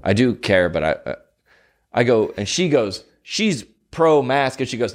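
A man's voice: mid-range voice, very animated, normal speed, a little hiss or hum. A young man hosting a podcast, telling rambling stories in casual chat with lots of fillers and mock voices. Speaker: podcast host.

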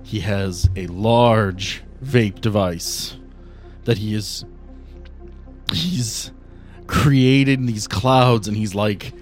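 A man's voice: fairly low pitch, very slow, pauses often. Man game master narrating a tabletop game, loose and joking, faint music behind.

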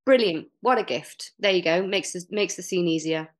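A woman's voice: fairly low pitch, normal speed. A middle-aged woman, an improv teacher, talking casually and animatedly as a podcast guest, with many fillers and restarts.

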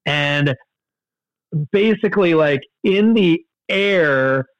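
A man's voice: very slow, no echo. Guy telling a wild story, voice jumps all over, kinda muffled dry recording. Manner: animated, jumps in pitch for quoted outbursts, many fillers and restarts. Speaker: guest storyteller. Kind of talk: casual anecdote in conversation.

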